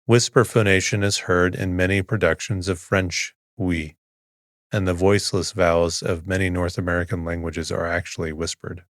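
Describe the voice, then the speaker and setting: A man with a very low voice reads a dense text slowly and evenly, pacing it to help listeners drift off. The sound is dry and close, with no room around it. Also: level tone, fairly bright tone, no echo. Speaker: sleep podcast host. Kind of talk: slow monotone sleep-story reading.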